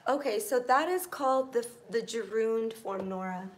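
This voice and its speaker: A woman teaching a live online English grammar class, patient and encouraging, pausing to think while she writes examples. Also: a little high, a little hiss or hum.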